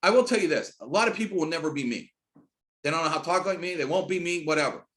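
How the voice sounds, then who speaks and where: A middle-aged man leads a screen-share training presentation with a slightly raised pitch. He talks hyped and emphatic, in rapid runs that burst upward into loud, high punches of emphasis. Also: animated. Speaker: network marketing trainer.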